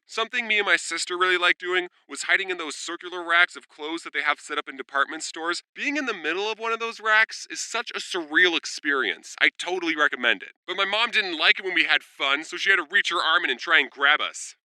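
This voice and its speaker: A man in his twenties telling funny childhood stories in a sarcastic storytime monologue, with deadpan asides and quick jumps into character voices. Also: high-pitched, clean tone, no echo, rough recording. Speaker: storytime vlogger.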